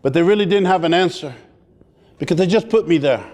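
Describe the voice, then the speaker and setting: High-voiced man telling a funny story. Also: fairly quick. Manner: lively, joking, animated storytelling. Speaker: speaker. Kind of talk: comic personal storytelling speech. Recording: long hall reverb.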